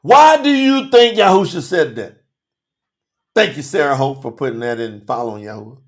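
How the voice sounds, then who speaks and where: High-pitched, lively male preacher. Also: moderate pace. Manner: emphatic, preachy, rhetorical questions; casual slangy street talk. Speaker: Bible teacher and podcast host. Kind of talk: livestreamed Bible study sermon.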